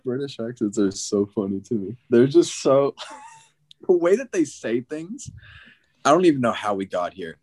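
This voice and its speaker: A man's voice: mid-range voice, big pitch swings, normal speed, a little mellow. An American man in casual podcast chat, rambling with many fillers and laughs. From United States.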